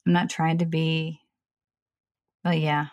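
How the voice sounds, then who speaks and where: A woman's voice: low voice, little pitch movement, slow pace, darkish tone, muffled recording. A woman co-hosting a casual chat, opinionated and apologetic, rambling with restarts and asides. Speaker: podcast co-host.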